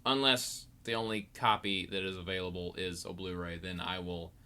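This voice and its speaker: A man's voice: sits low, fairly even intonation, moderate pace, pushed and bright, smooth. A young man hosting his own podcast, rambling and joking at himself, groggy from just waking up. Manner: rambling, jokey, self-mocking. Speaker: podcast host. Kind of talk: casual solo podcast chat.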